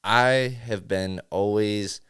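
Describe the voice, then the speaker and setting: A man's voice: lowish voice, takes it slowly, clean tone. A music engineer from upstate New York, a man, chatting casually as a podcast guest and acting out studio conversations as he tells them. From Syracuse, New York. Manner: animated storyteller, acts out studio dialogue, says bro a lot. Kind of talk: casual interview chat.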